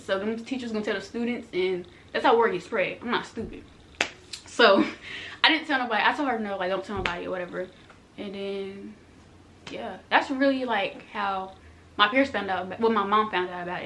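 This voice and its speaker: A young woman tells viewers her own story in a casual storytime vlog, talking fast and chatty with plenty of slang and speaking straight to her audience. Her mid-range voice is a bit bright, and there's a little hiss or hum.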